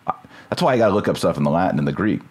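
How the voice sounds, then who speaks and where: Speaking very fast in a low-pitched voice with lively intonation, a man hosts a casual podcast discussion. He works through the topic by thinking aloud and checks terms as he goes, even mid-sentence.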